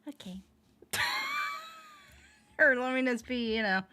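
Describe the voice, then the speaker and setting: A woman's voice: on the high side, slow pace, pushed and bright, smooth, raised voice. A woman livestreaming casual chat, rambling and often laughing, with frequent self-interruptions.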